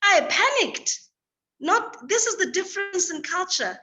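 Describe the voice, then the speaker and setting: An animated woman from Africa tells a personal story on a video call. Her voice sits high and bright, with clear, ringing tones. She spins her tale with lively warmth. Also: measured pace. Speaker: guest speaker.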